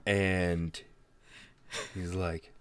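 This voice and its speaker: A man narrating a tabletop horror game as game master, animated and laughing along. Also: sits low, extremely slow, smooth.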